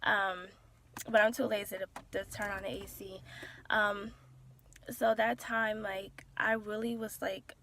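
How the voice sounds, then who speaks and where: A young woman in her twenties, talking softly and hesitantly from inside a car as she shares a personal story, with many pauses and fillers. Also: medium pitch, little pitch movement, a little hiss or hum. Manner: soft-spoken and hesitant, with frequent "um" and "like". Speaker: vlogger sharing a personal testimony.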